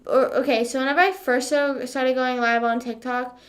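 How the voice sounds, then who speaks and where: A woman's voice: sits high, fairly even intonation, moderate pace. A young woman livestreamer chatting casually with her viewers, sarcastic, full of fillers and swearing. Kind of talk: casual chat with live viewers.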